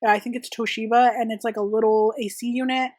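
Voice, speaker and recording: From a room in her home, a young press-on nail artist who hosts her own channel rambles through viewer questions in a chatty Q&A vlog, with lots of "like" and "um." Her voice is on the high side, a little mellow and fairly flat in pitch, and she talks fast; the recording is dry.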